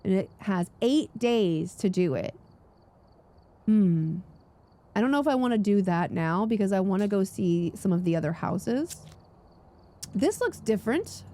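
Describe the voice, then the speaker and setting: A young woman narrating her gameplay with breathless, gushing excitement, her voice jumping up into squeals and gasps. The tone underneath stays mellow and soft rather than bright. She talks like a longtime streamer showing off to her viewers. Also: medium pitch, a little slow, pauses often. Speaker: gaming streamer.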